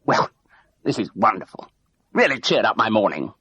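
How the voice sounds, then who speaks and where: A man's voice: fairly low pitch, sing-song, normal speed, sharp tone, breathy edge, exaggerated voice. A man doing a bluff, hesitant ex-crook major. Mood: warm. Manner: hesitant, chatty, full of ums and uhs. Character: bluff middle-aged man, ex-crook posing as army major.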